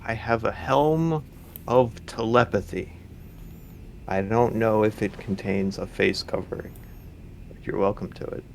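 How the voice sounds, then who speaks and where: A man's voice: lowish voice, unhurried, gravelly, a little hiss or hum. A man playing a tabletop game, trading dry, needling in-character banter. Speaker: player.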